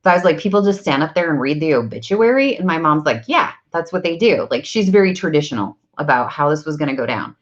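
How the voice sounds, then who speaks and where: A woman's voice: low voice, sing-song, quick pace, hardly any pauses. A woman in her thirties talking candidly to viewers, acting out conversations as she tells personal stories. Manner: candid, storytelling, acts out conversations. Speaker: vlogger on self-improvement. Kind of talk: casual talk to viewers, live stream. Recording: dull lo-fi sound.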